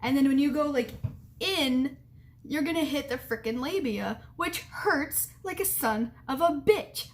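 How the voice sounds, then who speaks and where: A young woman vlogger telling a story and giving advice in a frank, blunt, giggly way, with lots of "like". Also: high voice.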